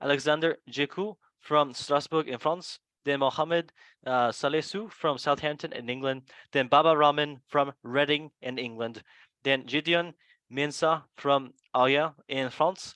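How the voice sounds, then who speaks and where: A man's voice: a little high, fairly even intonation, a little slow, a bit bright, dry recording. A man hosting a casual football podcast, joking around and working his way through a list of player names, stumbling on some. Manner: playful, joking, stumbles over foreign names. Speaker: podcast host. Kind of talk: casual chat and reading a squad list.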